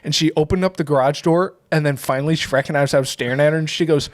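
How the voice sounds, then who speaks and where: A man's voice: a little high, fairly even intonation, fast talker. A man co-hosting a casual podcast, joking and teasing as he tells a story. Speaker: podcast co-host. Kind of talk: casual banter.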